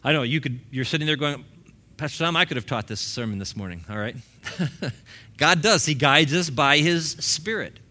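A man's voice: fairly high pitch, animated, normal speed, sharp tone. A man in his fifties, a pastor preaching a sermon in a church in a casual, conversational way, acting out little quoted exchanges. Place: church sanctuary.

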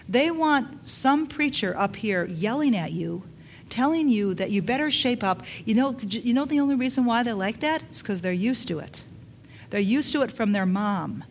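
A woman's voice: fairly high pitch, lively intonation, normal speed, slight background noise. A woman pastor preaching a sermon in an earnest, repetitive way, with bursts of laughter.

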